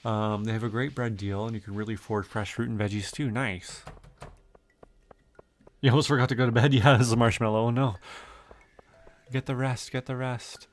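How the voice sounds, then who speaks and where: A man's voice: fairly low pitch, fairly even intonation, fairly quick, a little hiss or hum. A young man from Canada chatting casually with viewers while streaming a farming game, reading and answering chat with lots of fillers.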